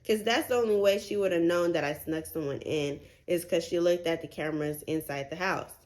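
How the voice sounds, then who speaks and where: A vlogger in her twenties with a medium-pitched voice tells her viewers a story, animated and chatty, sprinkling in plenty of "like" and "y'all".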